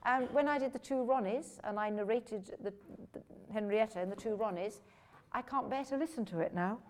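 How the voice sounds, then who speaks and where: An older woman from England, an actress telling lively, self-deprecating stories about her career at a question-and-answer session. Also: a little high, a little fast, a little hiss or hum. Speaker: actress guest at a film Q&A. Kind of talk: anecdotal Q&A storytelling.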